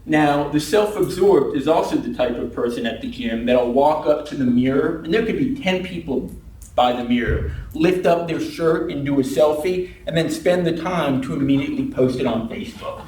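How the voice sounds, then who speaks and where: Guy doing a funny club speech, kinda high voice, sounds far off in an echoey room. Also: moderate pace, a little mellow, a little hiss or hum. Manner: wry storytelling, acts out quoted people. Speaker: club speaker. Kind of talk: humorous prepared speech. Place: meeting room.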